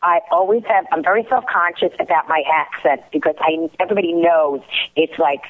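A woman's voice: on the low side, a little fast. Brooklyn woman on a tinny phone line. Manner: chatty, laughs easily. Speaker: radio co-host. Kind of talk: casual radio talk.

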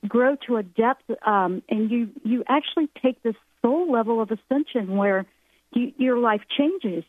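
A woman's voice: on the high side, dry recording. A woman talking about spiritual growth on a call-in radio show, earnest and rambling. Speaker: spiritual guest speaker. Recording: dry tinny phone-line sound.

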